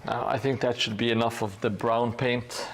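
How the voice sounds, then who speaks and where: A man streaming while he paints, chatting casually in a halting way with dry, sarcastic jokes. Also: medium pitch, level tone, slight background noise. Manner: halting, with many hesitations. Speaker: hobby streamer painting a gaming board.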